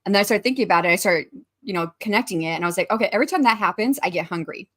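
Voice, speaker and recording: A woman in her forties runs a casual writing livestream, racing along as she chats, greets viewers by name and reads their messages aloud. Her medium-pitched voice is expressive with a fairly bright tone.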